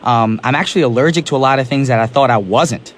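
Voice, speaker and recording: A man's voice: mid-range voice, fast. A young man hosting a radio show, chatting casually with a caller and recovering from a sore throat. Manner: energetic, chatty, laughs easily. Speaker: radio DJ host. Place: radio studio. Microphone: studio microphone.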